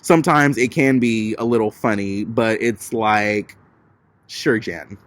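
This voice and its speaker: A man's voice: fairly low pitch, measured pace, no room sound. A man giving a chatty, sassy recap of a reality TV episode, with lots of casual filler words. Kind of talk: casual gossipy commentary.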